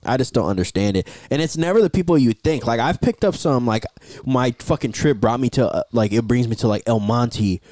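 A man's voice: mid-range voice, lively intonation, fairly quick, a little mellow, dry recording. A man telling a long rideshare story in casual chat, swearing freely and acting out the people he quotes. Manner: profane storyteller, acts out quotes.

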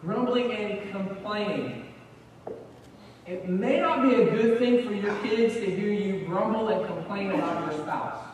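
A man's voice: high voice, moderate pace, few pauses, darkish tone, a little hiss or hum. A man preaching a sermon in a conversational way, often repeating words as he gets going. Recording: echoey hall, far from the mic.

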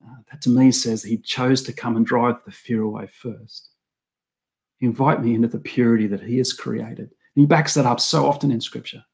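A man's voice: medium pitch, fairly even intonation, moderate pace, vocal fry, a little mellow. A middle-aged man preaching a sermon in an earnest, reflective way, often restarting and repeating his phrases.

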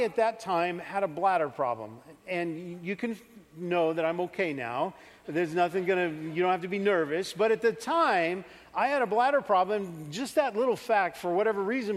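Animated high-voiced man preaching. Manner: animated storytelling, acts out his younger self. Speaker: pastor. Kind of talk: sermon with personal story. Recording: church hall reverb.

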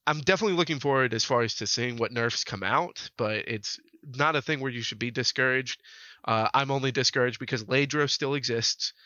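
A man co-hosting a podcast, talking briskly with a teasing, joking manner. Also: mid-range voice, pushed and bright, no room sound, lo-fi sound. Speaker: podcast co-host. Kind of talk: casual podcast chat.

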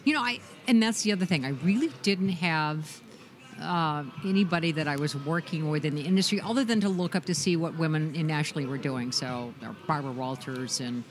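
A woman's voice: sits low, fairly quick, a little hiss or hum. A woman from Minnesota, a former news anchor, talking casually and reflectively with many fillers. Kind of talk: casual interview talk.

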